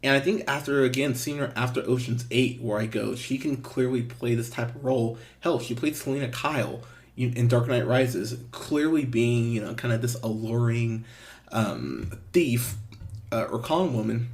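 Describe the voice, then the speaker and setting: A man's voice: medium pitch, normal speed. A man hosting a movie podcast, giving a casual, blunt review with frequent swearing and restarts. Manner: blunt, swears, lively emphasis with fillers and restarts. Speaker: podcast host.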